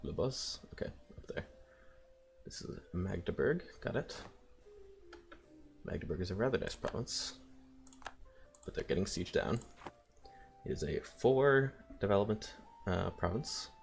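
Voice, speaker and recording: A man's voice: sits low, expressive, measured pace, vocal fry, pauses often, soft background music. A man casually commenting while playing a strategy game, thinking aloud with wry asides. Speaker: let's play host.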